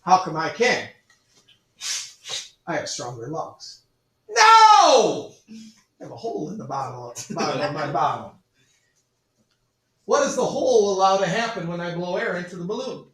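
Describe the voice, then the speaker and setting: A male chemistry teacher running a classroom demonstration, joking with students, repeating "all right" and calling the class ladies and gentlemen. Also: high voice, animated, fairly quick. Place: school classroom. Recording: echoey classroom from far off.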